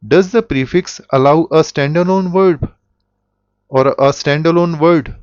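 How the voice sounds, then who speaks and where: Slow-speaking man teaching. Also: fairly high pitch, clean tone, dry recording. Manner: slow, deliberate, with self-corrections. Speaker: German teacher. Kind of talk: explanatory language lesson. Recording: dull, dry lo-fi audio.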